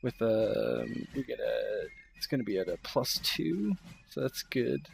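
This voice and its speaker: A man narrating a tabletop game as game master, in a relaxed, loose way. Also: mid-range voice, unhurried, gravelly, a little hiss or hum.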